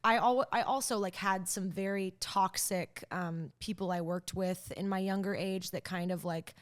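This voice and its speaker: A woman's voice: medium pitch, normal speed. Chatty young woman telling stories. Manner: chatty, animated storytelling with many "like" fillers. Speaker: country singer, podcast guest. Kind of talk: casual interview chat.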